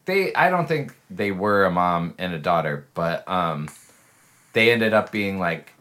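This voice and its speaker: A man's voice: deep voice, lively intonation, a little slow, fairly bright tone. A young man co-hosting a casual podcast, rambling with lots of fillers and laughing. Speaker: podcast co-host. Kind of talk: casual chat.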